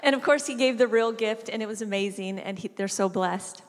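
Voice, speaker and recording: A woman preacher tells a family story during her sermon, acting out its voices with animated shifts. Her voice is slightly high and a little fast, and the recording from a reverberant hall carries a faint hiss or hum.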